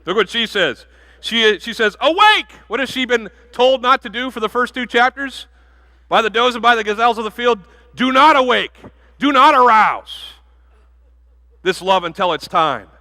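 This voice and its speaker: A pastor giving a sermon in a church, animated and jokey, with bursts of loud emphasis. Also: male voice, extremely high pitch, fairly quick. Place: church sanctuary.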